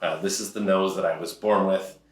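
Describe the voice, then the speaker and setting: A man's voice: sits low, steady tone, moderate pace. A man in his forties telling humorous stories about his own life in a dry, self-deprecating way. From Ontario, Canada. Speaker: comic storyteller. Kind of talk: humorous personal monologue. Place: event hall. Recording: echoey hall, mic far off.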